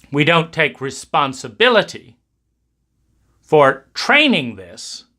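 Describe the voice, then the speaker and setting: A man giving a reflective talk, speaking in slow, emphatic, repetitive cadences. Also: on the high side, sharp tone.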